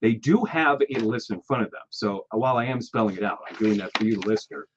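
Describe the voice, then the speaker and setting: A man's voice: fairly low pitch, quick pace, background noise. A man hosting a casual radio segment, upbeat, spelling words out letter by letter. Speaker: radio show host. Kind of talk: casual on-air chat. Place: radio studio. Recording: slightly muffled studio audio.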